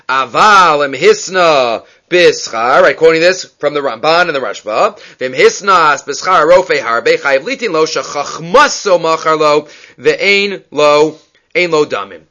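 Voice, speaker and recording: Guy giving a talmud class, voice a bit high, reads the texts singsong then just chats it through, dull lo-fi sound. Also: bright, forceful tone. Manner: chants the source texts, then explains in casual asides. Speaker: Talmud teacher. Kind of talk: Talmud class, reading and explaining. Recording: dull lo-fi recording.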